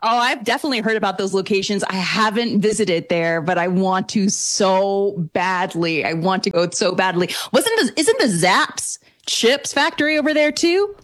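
A woman's voice: medium pitch, animated, normal speed, hardly any pauses, fairly bright tone, no echo. A chatty woman from New Orleans talks as a guest on a call-in show. She laughs easily and sounds close and dry, with no room around her voice. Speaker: paranormal investigator, guest. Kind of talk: casual radio call-in chat.

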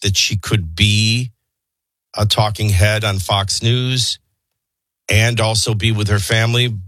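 A man's voice: on the low side, flat delivery, slow pace, fairly bright tone, no echo. A man hosting a morning radio show, reading the news with opinionated, sardonic asides. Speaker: radio talk show host.

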